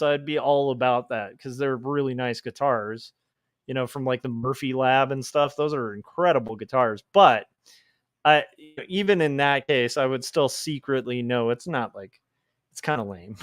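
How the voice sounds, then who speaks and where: A man's voice: mid-range voice, normal speed, dry recording, clean studio sound. A man livestreaming while he draws comics, chatting casually and reading out chat messages, with rambling asides and chuckles.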